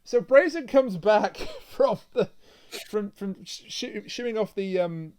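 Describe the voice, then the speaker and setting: High-voiced man, halting recap. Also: lively intonation, darkish tone, clean tone. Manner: hesitant, many ums and restarts while recapping. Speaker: podcast co-host. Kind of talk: casual podcast chat.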